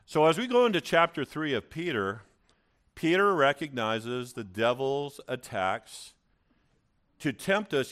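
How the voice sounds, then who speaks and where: Male pastor, sermon, church, animated storytelling, stammering restarts, mid-pitched voice. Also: unhurried.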